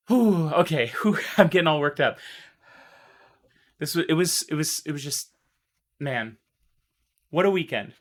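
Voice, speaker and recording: A man chatting casually on a live stream, excitable and emotional, rambling and restarting, his voice still strained from recovering. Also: medium pitch.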